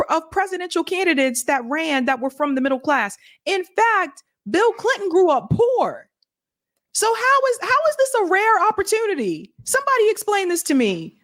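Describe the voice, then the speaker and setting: A woman's voice: extremely high pitch, a bit bright. A woman co-hosting casual political commentary, blunt, incredulous and openly profane. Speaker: co-host.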